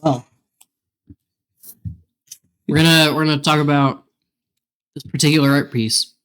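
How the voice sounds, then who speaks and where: A man's voice: fairly high pitch, fairly even intonation, unhurried, a bit bright, clean tone. A man co-hosting a podcast, laid-back in casual chat, a tabletop game master. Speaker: podcast co-host, dungeon master.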